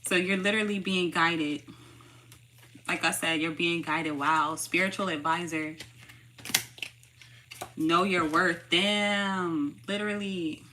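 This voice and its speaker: A woman reads tarot in a loose, slangy way, hammering her points home through repetition. Her voice is bright and forward, at a middle pitch, with a faint hiss of noise underneath. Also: fairly even intonation, slow, pauses often. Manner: slangy, emphatic, repeats phrases for stress. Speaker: tarot reader. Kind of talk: casual spoken tarot reading.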